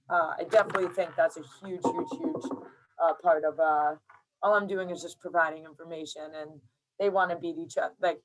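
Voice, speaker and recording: Laid-back woman coach, slightly low voice. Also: low-quality recording. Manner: laid-back, laughs often, many fillers. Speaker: strength coach guest. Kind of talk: casual podcast interview.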